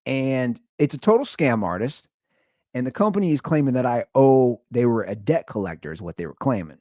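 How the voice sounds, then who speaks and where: A man hosting a podcast, telling a story in a rambling, animated casual monologue. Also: mid-range voice, a little fast, no echo, studio quality. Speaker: podcast host.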